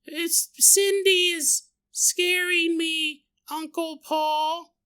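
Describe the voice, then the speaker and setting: A man's voice: extremely high pitch, fairly even intonation, extremely slow, pushed and bright, pitched above the performer's own voice, full character voice. A man voicing a frightened little girl who talks in broken, simple phrases. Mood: scared. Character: scared little girl talking in broken baby-speak.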